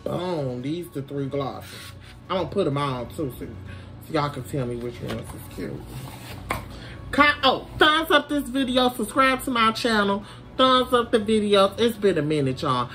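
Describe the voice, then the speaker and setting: A woman's voice: medium pitch, sing-song, a little slow, sharp tone, soft background music. A woman from Detroit with a Southern US twang, a little tipsy, chatting casually and profanely to her viewers while unboxing a beauty package. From Detroit, USA. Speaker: beauty vlogger.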